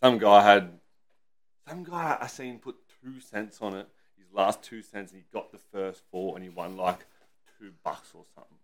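An Australian man in a casual podcast chat, relaxed and swearing, laughing through his stories. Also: fairly low pitch, normal speed. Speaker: podcast co-host.

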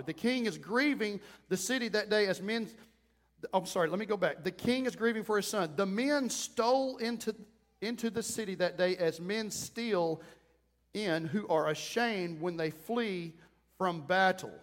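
High-voiced pastor preaching in reverberant church. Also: male voice, measured pace, fairly bright tone. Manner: conversational preaching that builds to emphatic exhortation. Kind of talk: sermon.

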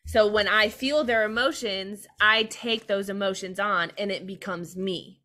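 A young woman with a bright, forceful voice talks candidly as a podcast guest. She is earnest and open, and lets out a laugh now and then even when the subject is heavy. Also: mid-range voice, measured pace. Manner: open, earnest, laughs while telling hard things. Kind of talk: candid personal conversation.

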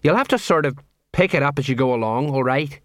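A man's voice: medium pitch, lively intonation, brisk, a bit bright, dry recording, lightly acted. Male reader playing a tired old sergeant, hesitant, grumbling, dry sound. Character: put-upon older male watch sergeant.

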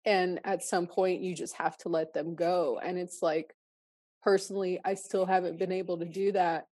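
A woman's voice: lowish voice, flat delivery, normal speed, darkish tone. A woman hosting a podcast, emotional and effusive, swearing freely as she speaks candidly. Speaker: podcast host. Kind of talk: candid personal conversation.

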